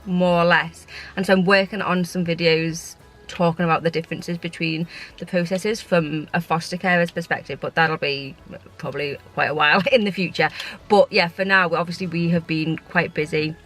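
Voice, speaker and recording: A woman's voice: fairly low pitch, fairly even intonation, normal speed, a bit bright, soft background music. A woman who works as a short-term foster carer, talking through her feelings in a casual vlog, heartfelt and rambling, with frequent restarts. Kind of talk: casual reflective vlog talk.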